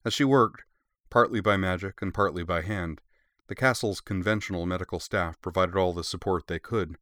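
Male storyteller with a very low voice, measured and steady, dry close sound. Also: no room sound. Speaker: audiobook narrator. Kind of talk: scripted narration.

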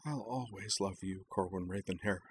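A man voicing a tender, heartbroken young woman in a story reading, speaking softly and tearfully. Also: lowish voice, measured pace, slight background noise, voice pushed up, lightly acted, low-quality recording. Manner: soft, quiet, tearful delivery.

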